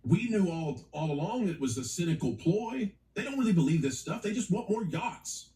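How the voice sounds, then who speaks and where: A man's voice: high voice, sing-song, normal speed, dark tone. A man co-hosting a casual chat, teasing and joking in a playful way.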